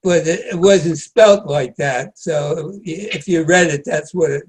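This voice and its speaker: A man's voice: a little high, measured pace, slightly rough. An older man, a veteran, chatting casually and repeating words as he goes. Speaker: WWII veteran guest. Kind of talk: casual chat.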